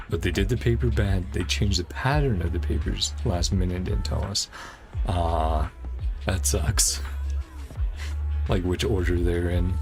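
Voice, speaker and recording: A man's voice: a little slow, a little mellow, soft background music. A man streaming a story game, chatting casually and laughing often between dialogue lines. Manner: chatty, laughs often, low-key asides. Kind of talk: casual gameplay commentary.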